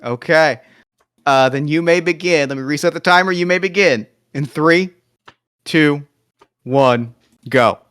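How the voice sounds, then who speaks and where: A man's voice: on the high side, measured pace, long pauses, a bit bright, clear, resonant tone. A man hosting a comedy podcast game, officiating the rounds and announcing winners with upbeat game-show flair. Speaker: host.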